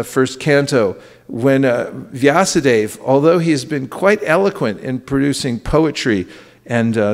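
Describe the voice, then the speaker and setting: Halting male lecturer in a reverberant hall. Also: mid-range voice. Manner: relaxed, halting delivery with many fillers, quotes Sanskrit verses. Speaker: guest speaker at a temple class. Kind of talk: scripture class lecture. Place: temple hall.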